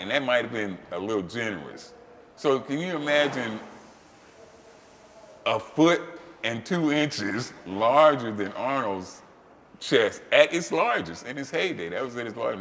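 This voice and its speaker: A man hosting, telling a story casually, swearing freely and breaking into loud, animated outbursts. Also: mid-range voice, big-room sound, slight background noise. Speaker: host.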